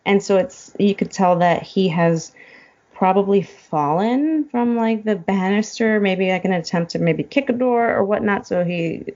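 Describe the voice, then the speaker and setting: A woman's voice: medium pitch, unhurried, a little mellow, dull audio. A woman guest in a casual chat, retelling a film plot and getting choked up as she goes. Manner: emotional, choked up while retelling. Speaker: podcast guest.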